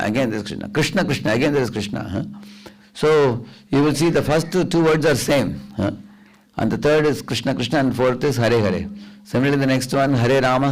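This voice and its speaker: A man's voice: mid-range voice, poor audio. Man giving a devotional lecture. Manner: instructive, asks the audience for agreement, chants the mantra aloud to demonstrate. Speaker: visiting preacher. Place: temple hall.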